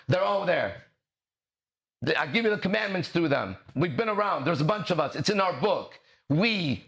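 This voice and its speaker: A man's voice: sits high, gravelly, fairly bright tone. A man hosting a podcast as a mindset and relationship coach, talking in a brash, swaggering, profane monologue full of rhetorical questions.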